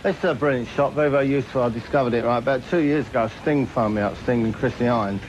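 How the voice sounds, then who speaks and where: A man's voice: medium pitch, fast. Boastful man, dull noisy TV tape. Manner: boastful, name-dropping, chatty with tag questions. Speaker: comedy show host. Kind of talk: comic monologue to camera. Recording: dull lo-fi TV recording with noise.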